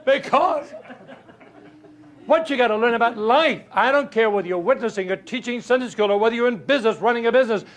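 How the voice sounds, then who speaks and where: An older man giving a motivational talk, telling folksy stories and asking rhetorical questions, swinging from loud to hushed. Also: very high voice. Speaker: motivational speaker. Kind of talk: motivational speech.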